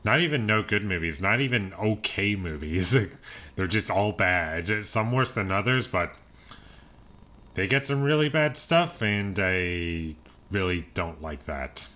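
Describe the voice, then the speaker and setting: A man's voice: low-pitched, expressive, a little slow, pushed and bright. A man giving a casual spoken movie review, rambling with many fillers and a dry, exasperated tone. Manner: dry, exasperated critique with small laughs.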